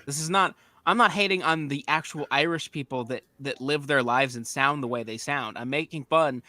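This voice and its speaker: A man's voice: on the high side, normal speed, no room sound. A man from the United States in casual, teasing chat as a livestream guest. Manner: animated, teasing, jokey.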